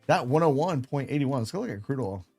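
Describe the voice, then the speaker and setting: A man hosting a late-night trading livestream speaks at a quick pace in a mid-range, slightly mellow voice with lively intonation. Soft music plays in the background while he rambles casually and self-deprecatingly.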